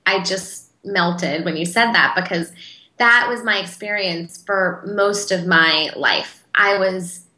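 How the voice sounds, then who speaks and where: A woman's voice: mid-range voice, sharp tone, echoey room, rough recording. A woman interview guest speaking in a casual, earnest and heartfelt way, with frequent fillers. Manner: earnest, heartfelt, talks in quick bursts with fillers.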